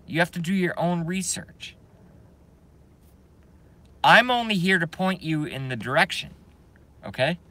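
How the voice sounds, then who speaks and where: A man's voice: a little high, fairly bright tone. A man on a live stream, talking to his viewers and reading their chat, emphatic and repetitive, often laughing in disbelief.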